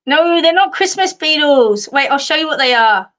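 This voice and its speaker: A woman's voice: sits high, animated, moderate pace, fairly bright tone. An Australian woman hosting a casual live chat, chatty and giggly as she reads out comments. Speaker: host of a live chat show.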